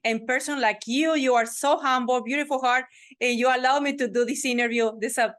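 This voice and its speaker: A woman's voice: sits high, fairly even intonation, fairly quick, fairly bright tone. Effusive woman podcast host, many restarts. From Mexican family, works from the United Kingdom audience side. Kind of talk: casual interview chat.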